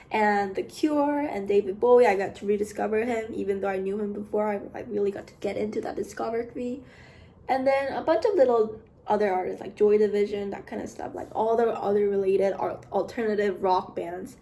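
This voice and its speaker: A young woman with a slightly high voice talks in a loose, rambling vlog chat. She piles on fillers and restarts, and now and then drops to a soft aside. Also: normal speed. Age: young adult. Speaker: vlogger, art student. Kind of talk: casual chat.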